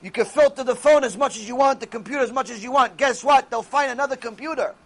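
A man's voice: very high voice, fast, a bit bright. A man giving a Torah lecture as a religious teacher, speaking emphatically and answering his own rhetorical questions.

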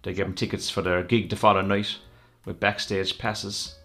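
A man's voice: on the low side, little pitch movement, normal speed, bright, forceful tone, faint music behind. A man co-hosting a podcast, reading out listener messages with laid-back, crude banter. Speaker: podcast co-host. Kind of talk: casual podcast chat.

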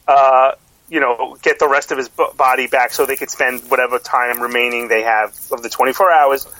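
A man's voice: medium pitch, steady tone, fairly quick, pushed and bright, low-quality recording. A middle-aged man co-hosting a podcast in casual chat, rambling with lots of fillers and restarts. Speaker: podcast co-host.

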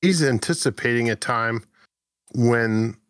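A chatty man co-hosts a casual faith podcast, rambling and animated, often cutting himself off midway. His voice sits in a middle register and sounds dry and close, with no room around it. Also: medium pitch, slow, clean tone, dry recording. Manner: rambling, animated, self-interrupting. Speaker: podcast co-host.

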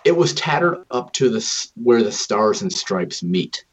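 A man's voice: lowish voice, sing-song, unhurried, breathy edge. A man co-hosting a casual, profane podcast chat, rambling and swearing freely. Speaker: podcast co-host. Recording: dull lo-fi recording.

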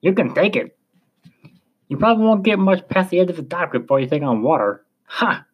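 A man's voice: high voice, lively intonation, brisk, breathy edge, dull audio, voice pushed up. A man voicing a grizzled, grumpy old French sea captain with a thick French accent, curt and mocking. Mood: gruff.

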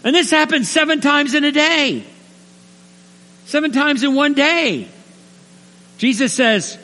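A middle-aged male pastor preaching a sermon, animated and acting out little scenes with put-on voices. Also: extremely high pitch, slow pace, pauses often. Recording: reverberant hall with faint mains hum.

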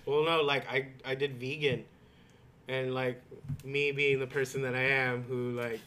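A man's voice: mid-range voice, level tone, measured pace, bright, forceful tone. Easy-laughing man chatting casually. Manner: laughs easily, loose casual phrasing. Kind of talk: casual chat.

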